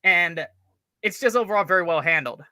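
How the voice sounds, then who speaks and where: A man's voice: high voice, animated, fairly quick, pushed and bright, dry recording. A man co-hosting a casual show review, analytical and rambling, with the odd curse. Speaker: co-host reviewer.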